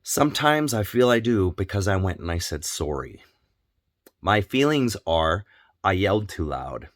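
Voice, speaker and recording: A man's voice: deep voice, big pitch swings, unhurried, dry recording, studio quality. A man talking candidly as a parenting vlogger, earnest, repeating phrases for emphasis. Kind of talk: candid personal monologue.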